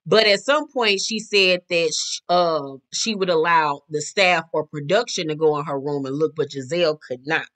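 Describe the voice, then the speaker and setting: A woman hosting a reality TV recap, talking in a sassy, animated way and using lots of slang. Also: sits low, normal speed, hardly any pauses. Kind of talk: casual recap commentary.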